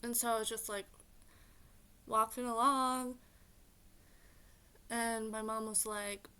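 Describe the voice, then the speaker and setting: Taking it slowly, a woman vlogger with a fairly high, clear, and resonant voice retells a story in a loose, rambling style. She leans on fillers and "like"s, venting with exasperated, animated asides.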